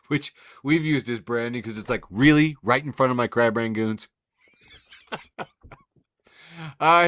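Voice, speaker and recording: Guy on a podcast going over memes, bright forceful voice, laughs a lot, super dry close sound. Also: mid-range voice, no echo. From Illinois. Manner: laughs often, reads captions in put-on voices. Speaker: podcast co-host. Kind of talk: casual chat describing memes.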